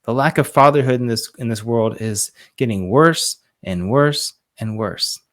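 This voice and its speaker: A man's voice: mid-range voice, a little slow. A man in his thirties, a fatherhood coach, telling a story earnestly and with emphasis as a podcast guest. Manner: earnest, emphatic, quotes others in dialogue.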